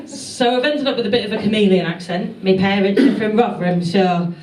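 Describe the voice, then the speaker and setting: A young Englishwoman does a stand-up set on a club stage, her medium-pitched, darkish voice moving briskly. She's dry and self-deprecating and laughs at her own jokes. The recording is echoey and distant, with a crowd audible in the club.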